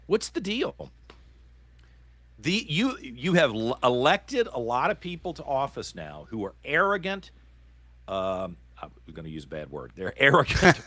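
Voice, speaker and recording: Brief: middle-aged male political podcast host from Virginia, fiery and indignant, bright voice, pitch leaping around. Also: no room sound. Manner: indignant, impassioned ranting. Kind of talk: political talk show commentary.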